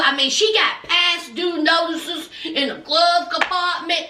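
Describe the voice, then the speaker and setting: A woman's voice: extremely high pitch, measured pace, pushed and bright, recorded from a distance. A woman chatting through a TV recap, sassy and gossipy, calling her viewers "honey" and "child.". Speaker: TV recap vlogger. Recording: echoey room, voice off-mic.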